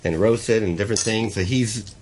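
A man's voice: lowish voice, a little mellow. A man, a chef guest on the radio, explaining a recipe step by step. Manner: quick, explanatory. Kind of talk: casual radio interview.

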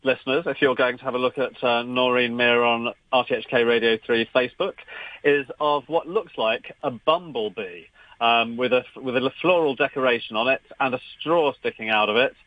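A man's voice: mid-range voice, normal speed, no echo. A man appearing as a regular radio guest, telling a story with many restarts. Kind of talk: radio chat. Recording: dry, dull remote line.

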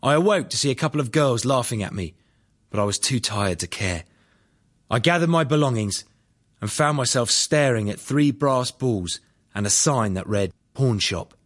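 A man's voice: mid-range voice, lively intonation, normal speed. A man narrating his own life story in a dry, plain-spoken first-person audiobook reading. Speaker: memoir narrator.

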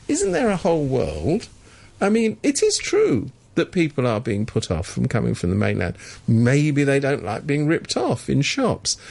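A man's voice: mid-range voice, huge pitch swings, moderate pace, gravelly, hardly any pauses, a little mellow. A man co-hosting a radio talk show, chatting about politics in a sardonic, mocking way. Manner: sardonic, mocking, mimics officials. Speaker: radio co-host. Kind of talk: casual political chat on radio. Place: radio studio.

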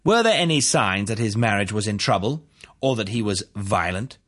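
A forceful courtroom prosecutor with a raised, insistent pitch, pressing every question home, as a man with a husky voice puts him on. His voice has a breathy grain under the pushy delivery. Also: lively intonation, moderate pace.

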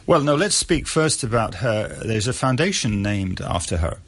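A man giving measured radio interview answers, pausing often with fillers. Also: lowish voice, very animated, a bit bright, breathy edge. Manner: measured, with many pauses and uh fillers. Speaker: author interviewed about a historical figure.

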